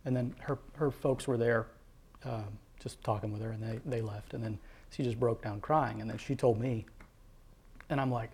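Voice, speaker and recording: A man earnestly telling a personal faith testimony as a father, halting, with many fillers and restarts. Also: medium pitch, steady tone, a little mellow, husky. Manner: heartfelt, devout storytelling.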